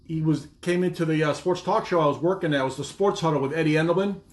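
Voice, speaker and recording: A man's voice: on the high side, fast. Easygoing man recalling old stories. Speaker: podcast guest. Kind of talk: casual conversation.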